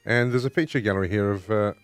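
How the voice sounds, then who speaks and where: A man's voice: lowish voice, quick pace, clear, resonant tone, no room sound. A man hosting a casual show, amused as he reads out odd news stories. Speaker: host reading news stories. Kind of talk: casual radio banter.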